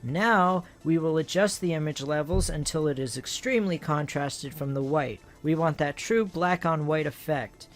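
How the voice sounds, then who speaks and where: A man's voice: on the high side, moderate pace, hardly any pauses, faint music behind. A man hosting a casual art tutorial, joking and talking to himself as he works. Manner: playful, self-amused, talks to himself while working.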